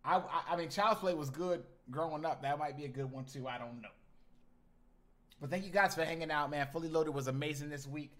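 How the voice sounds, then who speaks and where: A man in his thirties chatting casually on a live stream, animated and slangy, talking straight to his chat. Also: fairly high pitch, a little fast.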